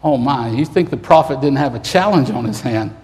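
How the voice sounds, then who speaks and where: A man preaching an emotional sermon in a church, fervent and rising to shouts. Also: mid-range voice, lively intonation, fairly quick. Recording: long hall reverb.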